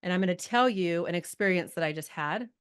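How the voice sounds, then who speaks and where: A middle-aged woman coaching a group over a video call, chatty and lively, holding back tears at times. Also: fairly low pitch, fairly quick, clean tone. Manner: chatty, lively, talks to the chat audience. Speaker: life coach hosting a live group call. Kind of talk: casual coaching talk.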